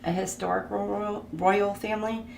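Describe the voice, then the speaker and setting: A woman's voice: medium pitch, level tone, a little slow, gravelly. A woman giving a casual tarot reading, chatty and thinking aloud, laughing as she goes. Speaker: tarot reader. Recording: echoey room with background noise.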